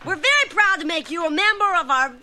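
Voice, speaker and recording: A prim, nerdy cartoon schoolboy, voiced by a woman, with a very high, piping voice. He speaks in formal, ceremonious tones. The clip plays with a faint hiss behind it. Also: big pitch swings, quick pace. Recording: noisy clip from a TV show.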